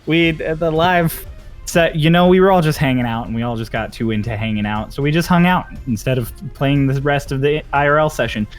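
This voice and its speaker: A man running a tabletop game as game master, chatting with players and recapping the story with lively asides. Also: a little high, a little fast, soft background music. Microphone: home mic on a call.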